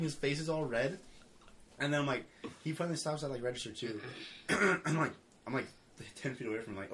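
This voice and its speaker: A man's voice: fairly high pitch, a little fast, slight background noise. A man in casual chat among friends, animatedly telling a story and acting out every line with lots of fillers. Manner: animated storyteller, acts out his own and others' lines, filler-heavy.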